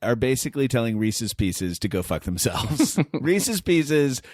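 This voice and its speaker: A man's voice: mid-range voice, big pitch swings, measured pace, a little mellow, no room sound. A man guest on a podcast, talking casually in an emphatic, playfully over-the-top way, recorded on a studio mic. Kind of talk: casual chat.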